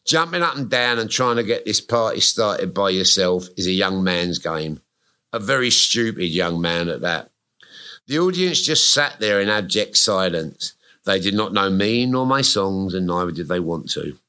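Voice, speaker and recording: A man's voice: deep voice, sharp tone, clean tone. A man, reading his memoir aloud to a live audience on stage, with a wry, self-mocking comic delivery. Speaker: guest author. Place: live music venue stage.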